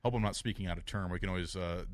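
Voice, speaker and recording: A man co-hosting a podcast, telling stories in a casual chat, animated and quick to laugh. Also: low voice, no room sound. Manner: animated storytelling, laughs often. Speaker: podcast co-host.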